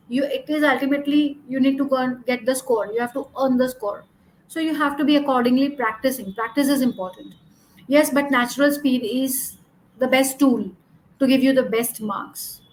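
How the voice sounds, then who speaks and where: A woman's voice: high-pitched, a little hiss or hum, rough recording. A woman exam coach teaching a lesson over slides, speaking in an instructive way, repeating her points and using "you know" as a filler.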